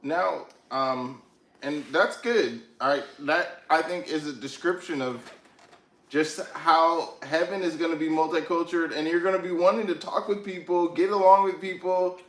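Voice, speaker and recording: A man's voice: fairly high pitch, steady tone, normal speed, a bit bright. A man leading a casual Bible study chat, affirming others and tying remarks back to scripture. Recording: echoey room.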